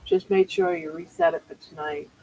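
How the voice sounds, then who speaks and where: A woman's voice: sits low, fairly even intonation, normal speed, background noise. An older woman at home hosting a casual live chat, talking in a chatty, rambling way and often restarting her sentences. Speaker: livestream host.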